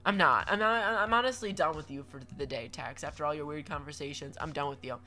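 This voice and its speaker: A man's voice: on the high side, fast, bright, forceful tone, soft background music. A young man giving chatty, playful commentary over a video game, with lots of stammered restarts and mock-dramatic asides. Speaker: gaming commentator.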